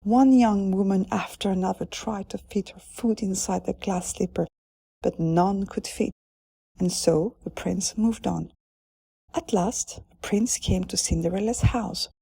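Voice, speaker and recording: A woman reads a children's fairy tale aloud in an unhurried, deliberate voice. Her tone is mellow and a little breathy, and the recording is dry and close. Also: mid-range voice, no room sound. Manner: calm, deliberate storytelling. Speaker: narrator. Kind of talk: storybook reading for children.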